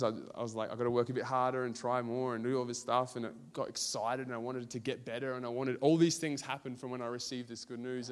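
A young Australian man preaching in a relaxed, chatty way, with plenty of "like" and "um" as he tells stories against himself. His voice sits at an ordinary male pitch and trails off into a long hall reverb. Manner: chatty, rambling, self-deprecating, many fillers. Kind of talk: casual storytelling sermon.

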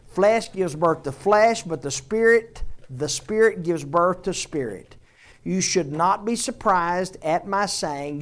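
A woman's voice: fairly low pitch, darkish tone. A woman preaching a sermon to her congregation, emphatic and repeating phrases for effect.

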